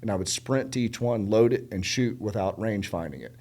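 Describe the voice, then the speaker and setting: A middle-aged South Carolina man with a fairly low voice talks fairly quickly as a podcast guest. His storytelling is casual and animated; he repeats words for emphasis and acts out the dialogue of people he quotes.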